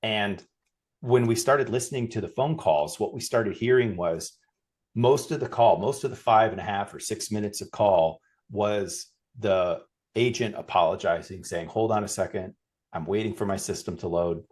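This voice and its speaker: A middle-aged man, a podcast guest, telling a workplace anecdote in a lively way and acting out the lines of the people in it. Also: fairly low pitch, normal speed. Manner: animated anecdote, acts out quoted dialogue. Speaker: guest, customer experience consultant. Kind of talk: storytelling in a podcast interview.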